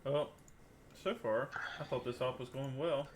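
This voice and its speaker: A man in relaxed, hesitant chat with teammates while playing a game. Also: medium pitch, a crowd in the background. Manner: easygoing, measured, hesitant. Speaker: channel host and player.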